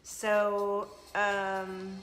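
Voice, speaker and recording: A woman's voice: medium pitch, completely flat delivery, very slow, fairly bright tone, soft background music. Chatty woman with a Southern twang. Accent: slight Southern US twang. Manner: chatty and effusive, with sudden bursts of emphasis. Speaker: intuitive card reader hosting a live stream. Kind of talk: casual live-stream chat. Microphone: phone camera.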